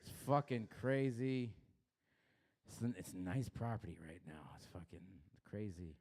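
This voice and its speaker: A young man from Los Angeles doing a crude stand-up set, baiting the crowd and swinging his pitch up and down. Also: expressive, a little slow, a little mellow. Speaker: stand-up comedian. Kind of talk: stand-up set at an open mic.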